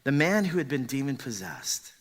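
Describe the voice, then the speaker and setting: A man's voice: medium pitch, very animated, normal speed, big-room sound. A man preaching a sermon as pastor, emphatic and full of rhetorical questions.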